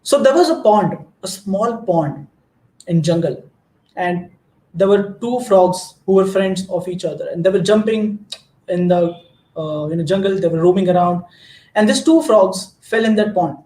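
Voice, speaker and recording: An Indian man, a native Marathi speaker, delivers an earnest motivational talk and often restarts his sentences as he goes. His voice sits high for a man. The recording has a roomy, echoing sound. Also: normal speed, dark tone. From Maharashtra, India. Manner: earnest, storytelling, frequent restarts. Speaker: guest speaker.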